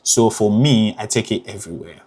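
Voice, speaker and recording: A man's voice: on the low side, a little fast, warm tone. A young man from Ghana with a Ghanaian accent, a theatre graduate student giving casual advice in a chatty, emphatic way, full of "you know" fillers.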